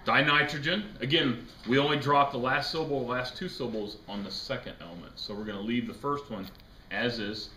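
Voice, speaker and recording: A man's voice: medium pitch, fairly quick, pushed and bright. A man teaching a chemistry class, lecturing casually, joking and quizzing his students. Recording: echoey classroom with faint noise.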